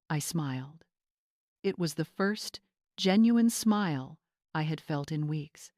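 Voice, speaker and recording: A woman telling a first-person story in a calm, deliberate scripted narration. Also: low voice, no room sound, clean studio sound.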